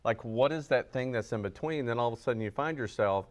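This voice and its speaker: A man therapist co-teaching a couples workshop at a church, telling stories in a halting, laughing way. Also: mid-range voice. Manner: storytelling, halting with restarts and little laughs. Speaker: marriage and family therapist co-teaching a couples class. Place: church hall.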